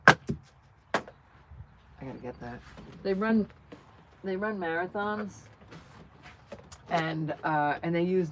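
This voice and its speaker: Low-voiced woman chatting on a live vlog. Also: fairly bright tone, slight background noise, rough recording. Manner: rambling, chatty and self-joking. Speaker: channel host. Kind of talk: casual livestream chat. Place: outdoors around her truck and camper. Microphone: phone camera.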